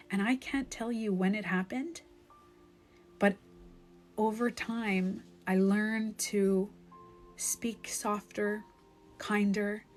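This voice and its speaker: A woman's voice: medium pitch, fairly even intonation, measured pace, pauses often, a little mellow, soft background music. Candid woman on a phone live stream. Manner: candid, emotional storytelling with frequent "like". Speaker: life coach.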